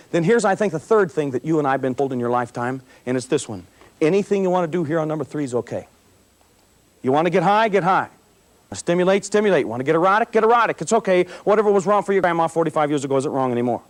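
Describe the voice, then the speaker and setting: A man giving a folksy, emphatic talk to students at a school assembly, repeating phrases for effect. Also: sits high. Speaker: motivational speaker to students.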